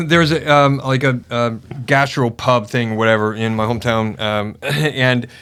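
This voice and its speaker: A man's voice: mid-range voice, fairly even intonation, unhurried, fairly bright tone, clear, resonant tone. A man from the United States telling rambling stories in a casual pub chat, full of fillers. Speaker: podcast guest.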